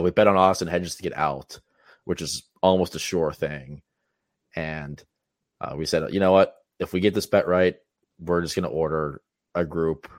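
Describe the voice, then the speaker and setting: A man co-hosting a sports podcast, telling a wry anecdote in relaxed casual chat. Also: rumbling low, no room sound, clean studio sound. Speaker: podcast co-host.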